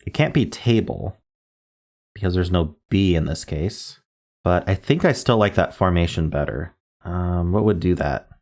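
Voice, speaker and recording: Low-voiced man musing over word puzzles. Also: expressive, a little slow, darkish tone. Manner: muses aloud, spells out letters, self-corrects. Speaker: word game streamer. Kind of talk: casual thinking-aloud gameplay commentary.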